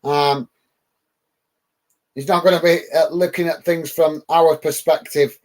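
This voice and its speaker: A man's voice: on the high side, flat delivery, measured pace. A man from the UK hosting a live football watch-along, calling the match and chatting casually with viewers, with frequent ums and uhs.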